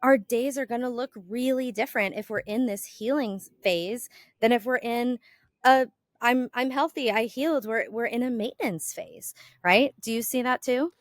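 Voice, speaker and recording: Here a health coach hosting her podcast chats casually, animatedly spinning stories and dramatizing quoted exchanges with abrupt rises in pitch and volume. "Like" turns up frequently. She talks at a moderate pace, recorded in clean studio sound with no room noise.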